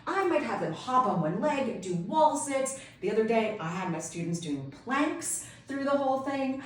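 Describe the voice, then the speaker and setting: Speaking at a moderate pace with lively intonation and a fairly high pitch, a woman homeschool tutor cheerfully walks through classroom teaching ideas for an instructional video. The recording is distant and heavily echoey.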